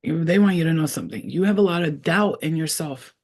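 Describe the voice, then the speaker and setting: This psychic reader speaks to the camera for her viewers in a husky, breathy, low-pitched voice with a darkish tone. Streetwise and freely profane, she's casual and blunt, repeats herself for emphasis, and halts and trails off as she tests out half-heard names in her spiritual reading.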